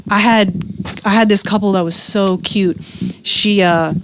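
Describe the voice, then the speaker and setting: A woman who is a comedian and doula, telling life stories in a casual podcast chat, animated and profane, slipping into voices. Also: medium pitch, measured pace, a little hiss or hum.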